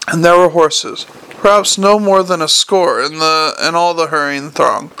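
Gravelly man reading a novel aloud. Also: on the high side, measured pace, bright, forceful tone. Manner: unpolished, with slips and restarts. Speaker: narrator.

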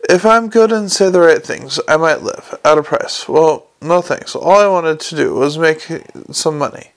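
A man voicing a flippant, quick-witted former con man in an audiobook. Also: on the high side, lightly acted. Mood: resentful. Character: cheeky male reformed con man.

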